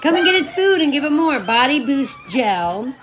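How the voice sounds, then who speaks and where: A woman's voice: high voice, big pitch swings, normal speed. A woman hosting a casual unboxing vlog at home, reading product names aloud, exclaiming and laughing, and scolding interrupting children. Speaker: vlog host unboxing a subscription box. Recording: noisy home recording with children talking over.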